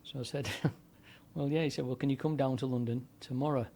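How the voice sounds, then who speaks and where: A man's voice: medium pitch, fairly even intonation, brisk, mellow. A man in his seventies, a former DJ and broadcaster, telling long anecdotes in a rambling conversational way. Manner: rambling anecdotal delivery with frequent fillers and restarts. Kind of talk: conversational storytelling.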